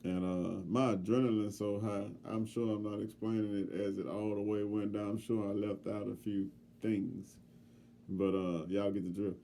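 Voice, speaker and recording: A middle-aged man co-hosting a podcast, telling a story in casual chat with heavy profanity and lively, loud swings when he quotes himself. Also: lowish voice, moderate pace, gravelly, a little hiss or hum. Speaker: podcast co-host.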